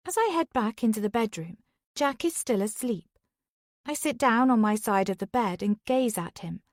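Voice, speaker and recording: A woman reading a first-person thriller audiobook as whispered role-play, soft and intimate. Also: fairly high pitch, no room sound, studio quality. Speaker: audiobook narrator.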